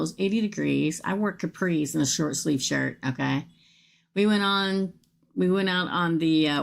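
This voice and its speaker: Chatty folksy woman with a gravelly voice. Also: deep voice. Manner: chatty, folksy, talks straight to viewers. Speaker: tarot reader. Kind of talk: casual livestream reading.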